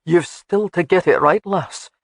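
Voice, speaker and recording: A narrator voicing a gruff, teasing Highland laird with a lilt and a low, slow drawl. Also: male voice, no echo, heavily acted.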